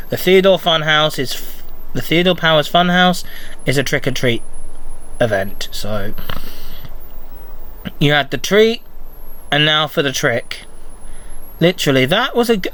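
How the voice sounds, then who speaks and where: A man hosting a casual solo podcast, recapping in a rambling, excitable fan's manner. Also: fairly high pitch. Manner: rambling, excitable fan chatter. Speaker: podcast host.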